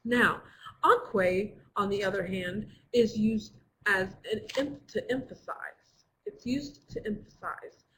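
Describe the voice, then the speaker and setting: Patient online Latin teacher, woman, mid-pitched, computer mic, faint room hiss. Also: takes it slowly, a bit bright, poor audio. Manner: patient, explanatory, with frequent fillers. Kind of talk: online class lecture.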